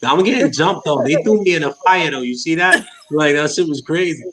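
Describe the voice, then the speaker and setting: A man's voice: fairly high pitch, fairly bright tone, low-quality recording. A man joking with a podcast panel in heavy slang. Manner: joking, slangy, quick comebacks. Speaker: podcast co-host. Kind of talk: casual panel chat.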